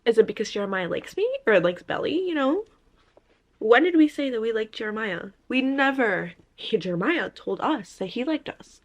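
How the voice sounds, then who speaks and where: A young woman vlogging about a book series, reacting with animated disbelief and reading passages aloud. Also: fairly high pitch, normal speed. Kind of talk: casual chat reading aloud.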